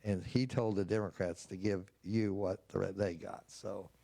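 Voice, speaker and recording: An older man with a low, gravelly voice tells folksy stories as an interview guest, acting out each side of the conversations he recalls. The sound is close and dry, with no room around it. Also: fairly even intonation, unhurried, dark tone, dry recording. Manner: folksy anecdotes acting out quoted dialogue. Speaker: state representative, guest. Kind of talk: storytelling interview answer.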